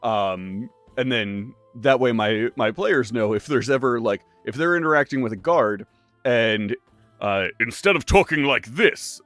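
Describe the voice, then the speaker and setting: A man co-hosting a casual gaming chat, talking in a halting way with frequent ums and trailing off. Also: mid-range voice, fairly bright tone, no echo, soft background music. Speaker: podcast co-host.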